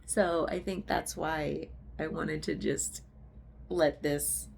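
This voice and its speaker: A woman's voice: low-pitched, fairly even intonation, slow pace, vocal fry, a little mellow, slight background noise. A woman therapist talking through a personal reflection in a rambling, self-reflective monologue, often chuckling to herself.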